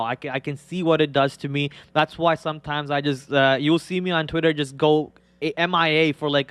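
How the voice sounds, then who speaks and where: Excitable rambling male trading host. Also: a little high, clean tone, dry recording. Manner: excitable, rambling, many restarts and fillers. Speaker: stock trading show host. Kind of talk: live trading commentary.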